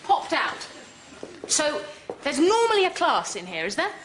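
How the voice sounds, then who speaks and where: An actress playing a dry, sardonic new teacher in a British sitcom. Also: female voice, high voice, huge pitch swings, unhurried, crowd noise, background noise, exaggerated voice. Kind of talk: sitcom acting.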